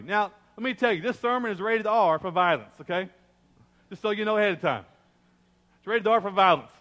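A pastor preaching a sermon, telling the story in an emphatic, dramatic way with lots of repetition. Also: male voice, high voice, animated, fast talker, pushed and bright. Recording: echoey hall.

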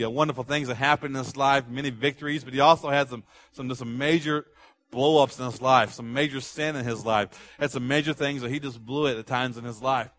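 A man's voice: medium pitch, a bit bright. A man preaching a sermon in a conversational, emphatic way. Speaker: pastor.

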